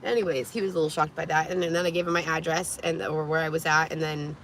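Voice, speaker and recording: A woman vlogger telling a story to camera in an animated, profane way, laughing and coughing often. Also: sits low, fast talker, slight background noise.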